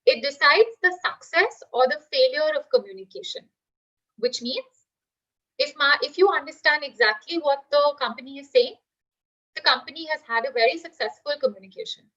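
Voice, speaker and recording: A woman's voice: sits high, moderate pace, sharp tone, dull audio. A woman teacher giving a live online class, explaining with everyday examples and asking the class questions.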